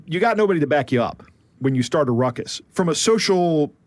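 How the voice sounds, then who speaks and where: Man, podcast co-host, casual storytelling, slightly high voice, dry close sound. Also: fairly quick, no room sound. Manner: animated retelling with asides.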